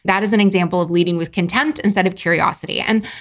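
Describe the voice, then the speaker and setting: A woman's voice: on the low side, steady tone, quick pace, a bit bright. A woman in her thirties hosting a solo podcast as a coach, talking candidly with profanity and self-mocking asides. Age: 30s. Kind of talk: casual solo podcast monologue.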